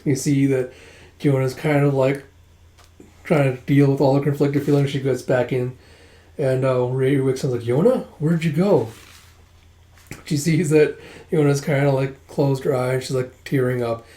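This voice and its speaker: A man's voice: mid-range voice, flat delivery, normal speed, mellow. A man doing a casual readthrough of a comic, retelling the scenes loosely with plenty of fillers. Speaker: comic reader. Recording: echoey room.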